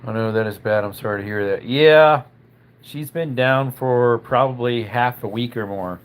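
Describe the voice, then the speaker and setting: Man, live-stream host, relaxed chatty talk, slightly under the weather, mid-pitched voice. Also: moderate pace. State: slightly under the weather, with a tickle in his throat. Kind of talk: casual live-stream chat reading viewer comments.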